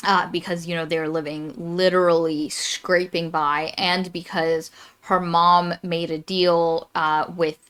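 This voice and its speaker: A woman's voice: lowish voice, little pitch movement, slow, a bit bright, smooth. A woman co-hosting a casual book podcast, chatty and summarizing the plot with many restarts. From Florida. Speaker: podcast co-host.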